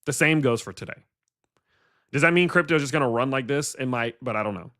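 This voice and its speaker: A male crypto streamer in a loose, rambling rant. He talks bluntly, throws in swear words and keeps asking his audience questions. His voice sits at an ordinary middle pitch. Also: fast talker, a bit bright. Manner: blunt and profane, with rhetorical questions to viewers. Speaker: crypto livestream host. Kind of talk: casual livestream rant.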